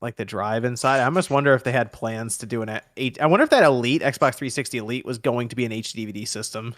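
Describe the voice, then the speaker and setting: A man chats casually on a hangout show, musing aloud as he goes. He talks quickly at an average pitch. His voice sounds close and dry. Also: dry recording. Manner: musing, thinks out loud. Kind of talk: casual chat.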